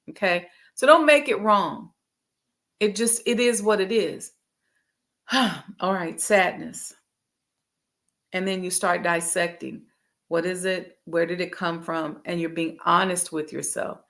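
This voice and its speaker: A woman's voice: mid-range voice, measured pace, fairly bright tone. A woman coaching viewers on a live stream. She talks in a casual, direct way and speaks straight to her audience. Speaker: emotional intelligence coach.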